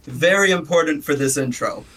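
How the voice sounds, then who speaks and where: A man's voice: fairly high pitch, animated, moderate pace, a bit bright, a little hiss or hum. Playful male tabletop player. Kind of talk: casual tabletop game chat.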